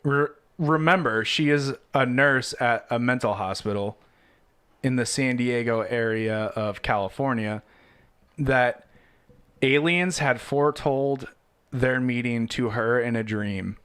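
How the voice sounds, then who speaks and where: A man co-hosting a casual podcast, telling the story in an unhurried way with casual swearing. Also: mid-range voice, a bit bright, smooth. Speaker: podcast co-host presenting the story.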